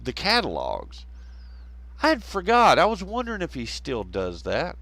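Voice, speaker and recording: A man's voice: on the high side, a bit bright, dry recording, rough recording. A man with a Southern American accent, hosting a live stream, chatting casually with lots of swearing, laughter and mocking impressions. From Southern United States. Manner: profane, laughing, mocking, mimics others. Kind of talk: casual rambling chat.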